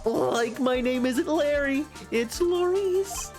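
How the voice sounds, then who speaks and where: Dim, laid-back young guy, as a woman puts him on, drawling in slang with a lowered voice. Faint game music hums underneath. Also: expressive, slow, darkish tone. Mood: goofy.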